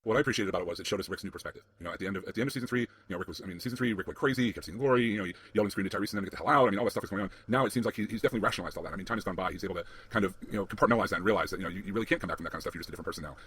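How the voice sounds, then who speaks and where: A man's voice: low voice, very fast, few pauses, a bit bright, husky. A man on a podcast talking thoughtfully about a character's change, with many "you know"s. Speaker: podcast co-host. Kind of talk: casual podcast discussion.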